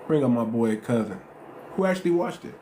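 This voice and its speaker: A man's voice: mid-range voice, lively intonation, fairly quick, mellow. A man from the United States hosting a casual live stream, talking in a slangy, emphatic way and repeating himself for weight. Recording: roomy echo, faint noise.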